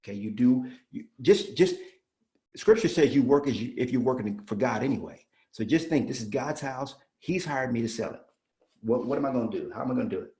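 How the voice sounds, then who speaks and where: A man coaching a room of trainees with preacher-like emphasis, hammering home each point and repeating it. He acts out both sides of client conversations in a voice of middling pitch, and the recording carries a roomy echo. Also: animated, fairly quick, dark tone. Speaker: real estate sales trainer. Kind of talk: energetic sales training talk.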